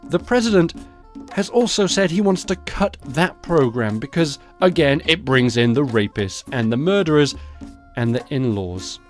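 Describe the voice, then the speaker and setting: A man hosting a solo news podcast who talks in a sarcastic, conversational way and swears freely. His voice sits a touch higher than most men's. Faint music runs behind him. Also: animated, moderate pace. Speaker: podcast host.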